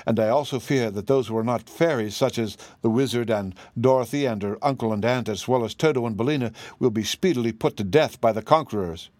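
Man reading as a gentle, grave tin man. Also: mid-range voice, fairly quick, hardly any pauses, no room sound, close to an everyday voice. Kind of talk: audiobook reading.

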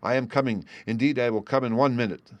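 A man's voice: mid-range voice, fast talker, no room sound, dull audio, pitched above the performer's own voice, natural voice. A man voicing a terrified young wife who begs and trembles, in a storybook reading. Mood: pleading. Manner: trembling, begging.

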